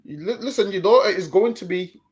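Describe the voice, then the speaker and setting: A man's voice: high-pitched, fast talker. A man hosting a live stream show, chatting casually and often stammering and repeating words. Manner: stammering repetitions, easygoing.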